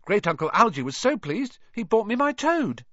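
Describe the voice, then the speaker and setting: A man's voice: high voice, big pitch swings, moderate pace, a bit bright, no room sound, muffled recording, pitched above the performer's own voice, full character voice. A man voicing a shy, nervous young schoolboy who rambles eagerly.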